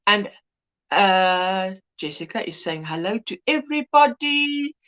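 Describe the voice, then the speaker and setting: A woman's voice: mid-range voice, animated, measured pace, a bit bright. A woman hosting a casual livestream chat, greeting viewers by name and laughing often. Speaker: livestream host.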